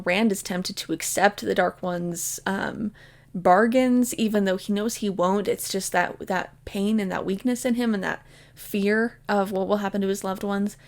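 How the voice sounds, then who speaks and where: Woman with a gravelly vocal fry. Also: mid-range voice. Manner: chatty, retells the plot with "like" and "basically"; emotionally invested in the story. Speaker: book vlogger. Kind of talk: casual spoken book summary.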